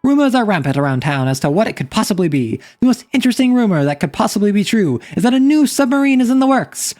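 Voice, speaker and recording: A woman's voice: medium pitch, very animated, fast, dark tone, pitched above the performer's own voice, close to an everyday voice. A woman voicing an old-timey newspaper reporter who reads out a formal news bulletin. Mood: declamatory. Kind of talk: in-character news reading.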